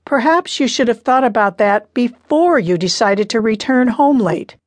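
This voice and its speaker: For an audiobook character, a woman reads the part of a stern, firm father, sounding insistent. Her voice is a little high with lively intonation and a moderate pace, pitched above her own yet close to everyday speech, with no room sound.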